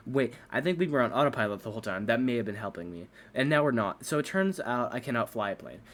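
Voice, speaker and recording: A man's voice: medium pitch, animated, fast talker, fairly bright tone. A man reading a whole movie script aloud at breakneck speed for laughs, doing every character in his own voice and tripping over words. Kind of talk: rushed comedic script reading.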